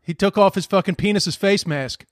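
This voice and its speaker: A man in his forties from New York, a comedian, trading quick jokes in a casual podcast chat. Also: sits high, no room sound, clean studio sound. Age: 40s. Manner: quick, joking banter.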